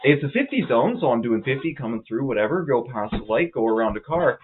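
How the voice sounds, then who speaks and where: A man's voice: medium pitch, sing-song, brisk, husky. A man co-hosting a podcast, telling a road-rage story in a casual, profane way and acting out his angry outbursts. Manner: profane, heated retelling with quoted outbursts. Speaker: podcast co-host. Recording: tinny phone-like audio.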